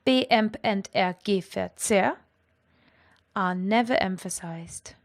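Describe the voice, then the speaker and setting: A woman explaining grammar in a clear, patient lesson. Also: mid-range voice, takes it slowly. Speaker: language teacher.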